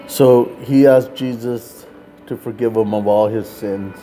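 A man's voice: on the low side, steady tone, unhurried, mellow, faint music behind, low-quality recording. A man working as a street minister, telling a personal story in a casual way, with lots of "like" and "man".

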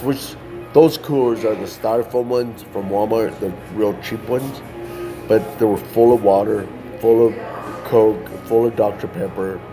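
A man casually telling a personal testimony, loose and conversational, often tossing in "man" and restarting phrases. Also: lowish voice. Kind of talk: casual storytelling.

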